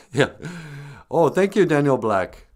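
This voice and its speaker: An older livestream host speaks slowly in a sing-song voice on the high side, with a darkish tone. In a casual manner, he greets viewers and tells joking stories, often breaking into chuckles.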